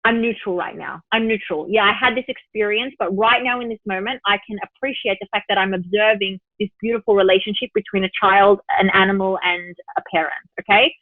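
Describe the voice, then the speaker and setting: A woman spiritual teacher, a podcast guest, telling an example story in a lively way and voicing her own thoughts. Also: mid-range voice, a little fast, hardly any pauses, dry recording. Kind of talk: podcast interview. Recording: tinny phone-line sound, dry.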